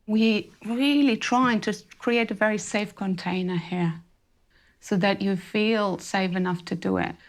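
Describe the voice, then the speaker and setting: A woman leads a group healing session with a low, gravelly rasp in her voice. She talks gently and reassuringly and invites the group forward step by step. Her pitch sits in a middle range. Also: a little slow. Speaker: workshop facilitator.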